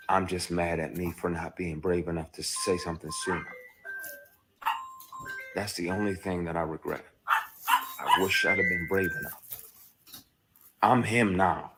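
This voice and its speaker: Deep-voiced man, blunt and raw. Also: fairly even intonation, a little slow, pauses often, music in the background. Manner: raw, blunt storytelling with frequent cursing; shifts between quiet brooding and loud outbursts. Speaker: actor recounting his experience. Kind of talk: candid personal monologue.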